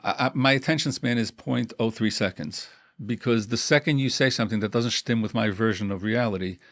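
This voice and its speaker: A middle-aged man, a couples therapist, giving advice in an animated conversational way and acting out examples. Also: on the low side, brisk, dry recording. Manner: animated, repeats himself, acts out examples.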